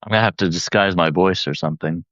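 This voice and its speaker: A man's voice: low-pitched, quick pace, fairly bright tone, no room sound, lo-fi sound. A man joining a livestream as a guest, chatting casually and laughing at himself. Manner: laughing, self-deprecating. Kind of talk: casual chat.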